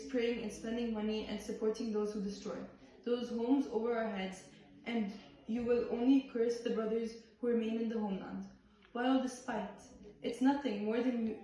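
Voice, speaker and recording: A woman performing a play by reading the script aloud in a halting way, with restarts on some words. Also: fairly high pitch, dark tone. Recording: far-off voice in a very echoey room.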